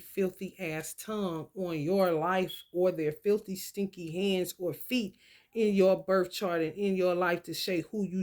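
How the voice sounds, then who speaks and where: A woman who reads tarot, ranting in a casual spiritual vlog with blunt, emphatic and profane speech. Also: lowish voice.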